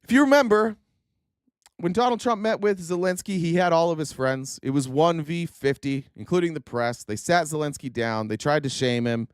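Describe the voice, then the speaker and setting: A man's voice: fairly high pitch, normal speed, clear, resonant tone, no echo, clean studio sound. Profane, exasperated male commentary host. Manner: reads quotes aloud then mocks them. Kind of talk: livestream political commentary.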